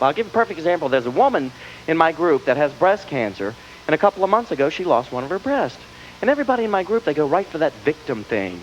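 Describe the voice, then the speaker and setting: A man from the Southern US with a Southern accent, doing stand-up comedy on a music hall stage with a wry, punchy delivery and acted asides. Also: on the high side. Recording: dull VHS tape with audience noise. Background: live audience laughter.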